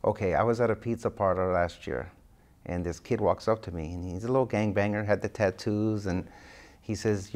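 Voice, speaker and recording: Low-voiced man telling lively stories. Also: moderate pace. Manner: animated anecdotes, acting out quoted dialogue. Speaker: guest author. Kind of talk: interview storytelling.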